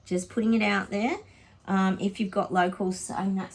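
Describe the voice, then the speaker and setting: A woman's voice: medium pitch, steady tone, normal speed, breathy edge. An Australian woman psychic chatting casually to her viewers in a rambling vlog reading.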